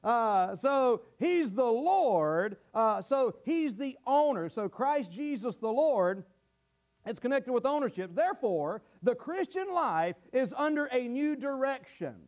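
A man's voice: very high-pitched, sing-song, slow, darkish tone. A man preaching a sermon to his congregation, earnest and teaching verse by verse, often repeating words as he goes.

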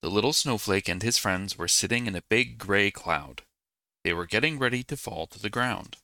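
Deep gravelly male bedtime reader. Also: normal speed, pushed and bright, no room sound. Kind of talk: slow bedtime story reading.

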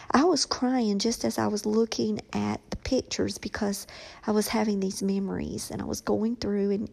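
Brief: middle-aged woman vlogger, husky and mellow, slow halting delivery. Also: mid-range voice, poor audio. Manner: slow, reflective, halting with many ums. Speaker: author talking about her children's book. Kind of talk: casual personal vlog.

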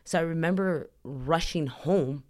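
A woman's voice: low voice, unhurried, darkish tone. Woman, podcast guest; earnest, rambling storyteller who leans on "like" fillers. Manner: earnest, emotional retelling. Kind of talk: personal storytelling in a podcast interview.

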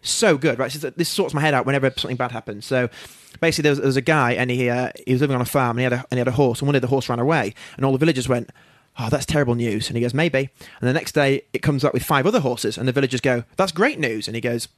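A man, a guest in a studio, telling stories in a quick, animated way. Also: mid-range voice, dry recording. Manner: rapid, animated storytelling with laughs. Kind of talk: casual chat.

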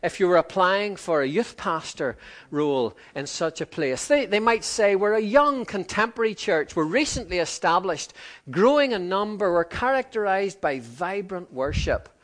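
Male preacher, slightly high voice, chatty sermon delivery with acted-out quotes. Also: moderate pace. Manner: conversational, acts out quoted voices with lively pitch swings.

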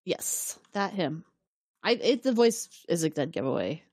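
A woman's voice: fairly low pitch, unhurried, breathy edge, no echo. Chatty woman co-host, dry close mic. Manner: animated, acts out characters' lines, laughs often. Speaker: podcast co-host. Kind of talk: casual chat, recapping an episode.

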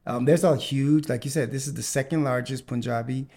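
A man's voice: medium pitch, fairly even intonation, fairly quick, vocal fry, a little mellow. A man hosting a casual podcast chat, talking with many fillers and restarts. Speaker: podcast host.

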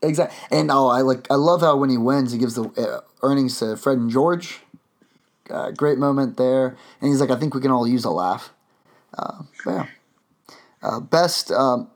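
A man hosting a podcast, chatting casually and rambling with lots of fillers and restarts. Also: medium pitch. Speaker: podcast host.

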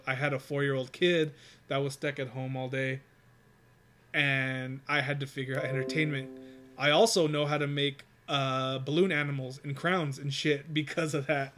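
A man's voice: mid-range voice, level tone, moderate pace, a bit bright. Profane rambling man telling a story. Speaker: storyteller in casual chat. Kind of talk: casual chat.

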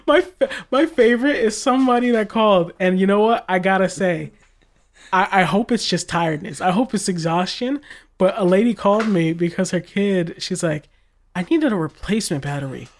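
A man's voice: sits high, moderate pace. A young man who works school tech support, chatting casually and telling exasperated stories about callers. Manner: exasperated storytelling, quotes callers in mocking voices. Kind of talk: casual podcast chat.

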